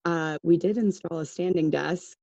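A woman's voice: fairly low pitch, moderate pace, creaky, warm tone, dry recording. A woman calling in to a casual chat, joking in a dry, wry way over lo-fi call audio. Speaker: guest calling in. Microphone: video call.

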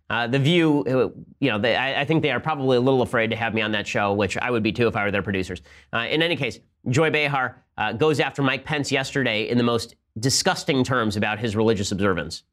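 A man hosting a political commentary podcast. He fires off sarcastic, combative points at a very quick pace. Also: medium pitch, a bit bright. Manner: combative, sarcastic, rapid-fire. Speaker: podcast host.

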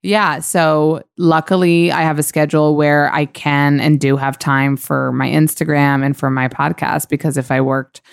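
Low, gravelly woman podcast host. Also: flat delivery, moderate pace, hardly any pauses, no room sound, studio quality. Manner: chatty, many "like"s and fillers. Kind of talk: casual celebrity gossip chat.

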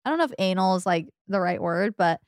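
A woman's voice: mid-range voice, animated, fast talker, no room sound, clean studio sound. A young woman co-hosting a podcast, chatting casually and acting out her mom's lines as she tells stories. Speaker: podcast co-host. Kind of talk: casual chat.

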